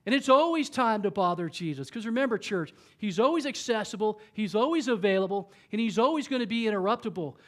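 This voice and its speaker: A man with a high, light voice preaches a sermon in a church. He talks to the congregation in a conversational way and briefly acts out the voices of the people in the story. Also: expressive, brisk, few pauses. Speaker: pastor.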